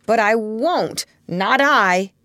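A woman's voice: fairly high pitch, expressive, slow pace, bright, forceful tone, no room sound, studio quality, voice pushed up, heavily acted. A woman reading aloud voices a boastful, defiant young boy in a storybook. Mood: sulky. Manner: boastful, teasing.

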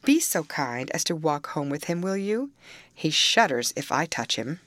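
Harsh scornful man read by a woman, low voice, dry close sound, audiobook. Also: sing-song, moderate pace, fairly bright tone, no echo. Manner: mocking, curbed ferocity. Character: harsh, scornful middle-aged male landowner.

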